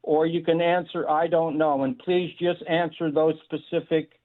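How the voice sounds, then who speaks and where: Man, radio caller, fairly high voice, hesitant and step-by-step, thin phone-line sound. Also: flat delivery, normal speed. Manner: sets out a long hypothetical step by step, hesitant fillers. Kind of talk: phone-in question.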